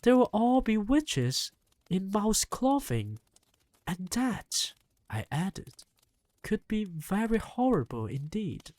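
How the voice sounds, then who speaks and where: Expressive storyteller reading a novel aloud, slow with a lively pitch, dry close mic. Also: no room sound. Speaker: audiobook reader. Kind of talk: first-person novel narration.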